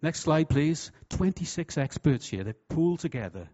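A man preaching a sermon with humour, lively and jokey, slipping into voices for quotes. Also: fairly high pitch, moderate pace, husky. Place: church hall. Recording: dull, lo-fi sound.

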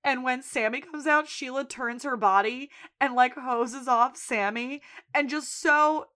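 Unhurried and high, a woman's voice co-hosts a podcast, casually recapping a TV episode. She retells it with animation and acts out the characters' lines as quotes.

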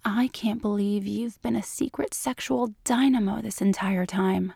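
A drowsy woman agent speaks in a soft, half-asleep murmur, as the female reader puts her on. The voice sits at an ordinary middle pitch and sounds close to the mic in a dry space. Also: steady tone, unhurried, gravelly, husky, no room sound. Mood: teasing. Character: sleepy clingy woman FBI agent, drowsy.

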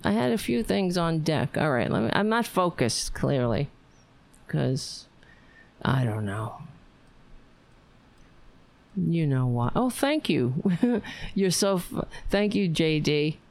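A woman's voice: sits low, very animated, takes it slowly, vocal fry, long pauses. A tired woman hosting a casual livestream, chatting in a playful, rambling way. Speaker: livestream host.

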